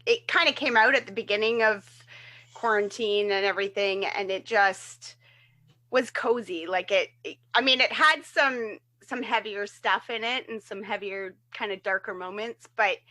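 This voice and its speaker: A woman with a medium-pitched, pushed and bright voice co-hosts a podcast at a moderate pace. She chats casually and rambles, using lots of fillers.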